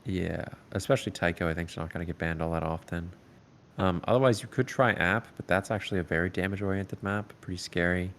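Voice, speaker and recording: A deep-voiced man coaching a team, talking things through calmly and at length. His low tone sits over a faint background rumble. He explains patiently, pausing on fillers. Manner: calm, explanatory, filler-heavy advice. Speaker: esports coach. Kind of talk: coaching session over voice chat.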